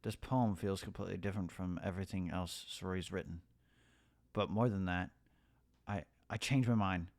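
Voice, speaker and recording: A man playing a story game, reading its text aloud in a hushed voice and breaking off to swear and react. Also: steady tone, normal speed, no echo. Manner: reads the story in a hushed, low voice, breaking into swearing and alarmed outbursts. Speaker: gaming YouTuber. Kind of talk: reading a visual novel aloud while playing.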